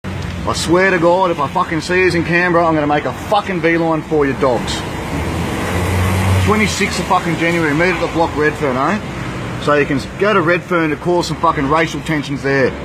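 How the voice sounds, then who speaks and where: A man putting on the voice of a furious, profane adult man who shouts threats. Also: fairly high pitch, brisk, background noise, pitched above the performer's own voice, lightly acted.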